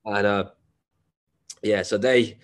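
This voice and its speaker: Low-voiced bloke, podcast guest with a cold, laddish and sweary storyteller. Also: male voice, fairly even intonation, slow. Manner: swearing, laddish slang, laughs while telling. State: has a cold. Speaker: guest, endurance runner. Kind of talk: casual storytelling.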